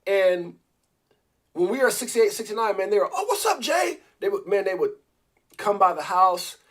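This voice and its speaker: A man's voice: high-pitched, fairly even intonation, normal speed, fairly bright tone. A man hosting a casual live stream, talking in a rambling way with many restarts and repeated words, and speaking directly to viewers and a co-host. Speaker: crypto livestream host.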